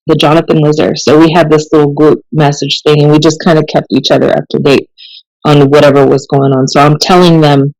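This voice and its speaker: A woman, a police officer, telling stories in a casual podcast conversation, chatty and animated and laughing often. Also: low-pitched, fairly quick, no echo, rough recording.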